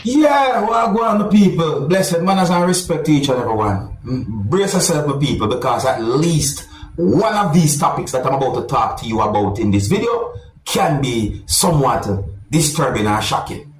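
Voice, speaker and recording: A man, hosting a vlog and commenting on clips in a casual, animated way. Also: medium pitch, moderate pace, reverberant, far from the mic, faint music behind, poor audio. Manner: animated, repeats "my people". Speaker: vlog host.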